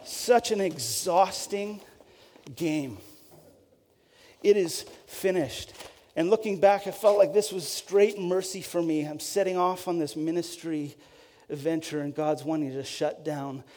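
A man's voice: fairly high pitch, unhurried, a little mellow. A man, a pastor, telling a candid, self-deprecating personal story as a sermon. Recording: long hall reverb.

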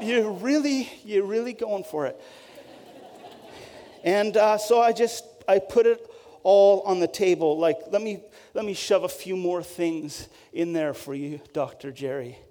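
A man's voice: fairly high pitch, mellow. A man, a pastor, telling a candid, self-deprecating personal story as a sermon. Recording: long hall reverb.

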